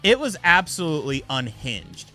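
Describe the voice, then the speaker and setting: Lively bright-voiced male streamer. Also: fairly high pitch, normal speed, faint music behind. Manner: loose storytelling, swears freely. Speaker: live stream host. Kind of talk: casual live stream chat.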